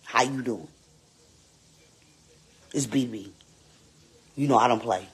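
A performer voicing a sassy, vain woman babysitter in a live-streamed comedy skit, loud and teasing, repeating lines and swooping up into squeals. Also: mid-range voice, takes it slowly, breathy edge.

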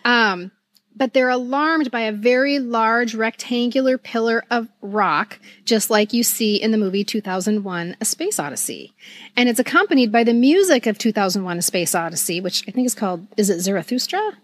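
A woman's voice: fairly high pitch, normal speed, dry recording. A woman co-hosting a podcast, chatting casually and telling stories with animation and frequent laughter. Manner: animated storytelling, laughs often. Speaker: podcast co-host. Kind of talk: casual chat.

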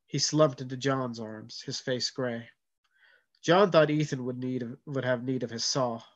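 A man, an author, reading his own story aloud in a measured, steady way. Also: mid-range voice.

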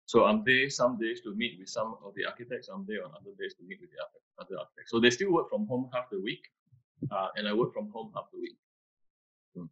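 A man, an architect answering interview questions over a video call, halting and restarting often. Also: on the low side, bright, forceful tone, husky. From Malaysia. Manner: hesitant, many restarts and fillers. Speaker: architect, panel guest. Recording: muffled video-call audio.

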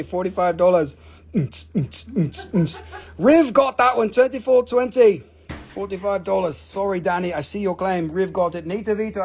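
Husky, excitable man selling rocks live. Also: high voice. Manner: joking, excitable, swears freely. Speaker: livestream rock seller. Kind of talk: live auction sales chat.

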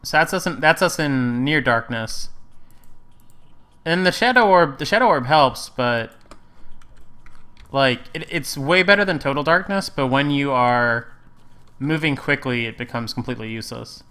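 A man's voice: mid-range voice, moderate pace, pauses often, pushed and bright, clear, resonant tone. A man casually commentating his gameplay, rambling and correcting himself with wry asides. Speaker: let's play host.

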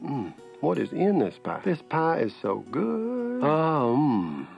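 Southern family supper chatter, mostly women, high and folksy, put on by a man; muffled, faint music. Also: huge pitch swings, slow, creaky, exaggerated voice. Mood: chatty. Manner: folksy, overlapping table chatter, raised falsetto pitch.

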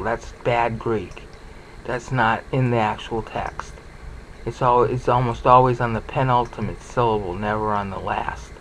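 A man's voice: mid-range voice, a little hiss or hum, rough recording. A man giving an informal Bible study lecture, talking conversationally and often checking in with "okay?" and "all right?". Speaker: Bible teacher.

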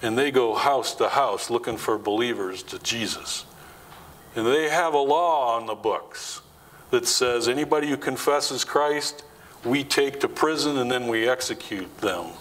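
A man's voice: unhurried, fairly bright tone, slight background noise, rough recording. A man preaching a sermon in a church, talking conversationally, asking the congregation questions and acting out quoted lines. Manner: acts out quoted lines with rising pitch. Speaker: pastor.

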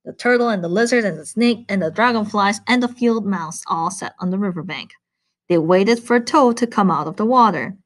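A woman teacher reading a picture book aloud to children, animated and adding chatty asides. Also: mid-range voice, normal speed.

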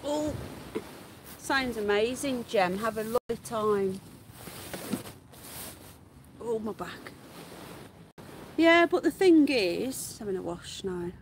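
A woman's voice: a little high, lively intonation, slow, long pauses, slight background noise. A woman hosting a live stream from her garden, chatting casually, greeting viewers by name and calling out to her pets. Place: garden outdoors.

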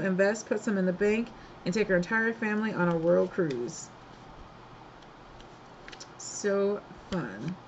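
A woman's voice: mid-range voice, muffled recording, a little hiss or hum. A woman hosting a craft swap, chatting casually and gushing over each item as she unboxes it, laughing often.

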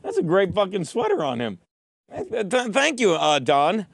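A man's voice: high voice, wildly swooping pitch, moderate pace, gravelly, no room sound. A man hosting a comedy radio show in a studio, stammering and incredulous as he banters. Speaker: host.

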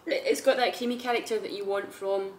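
A woman co-hosts a casual wine chat and talks through aromas and textures in easy detail. Her voice sits at a middle pitch. The space rings a little, with faint noise underneath. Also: fairly even intonation, fast. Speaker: podcast co-host. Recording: roomy echo, faint noise.

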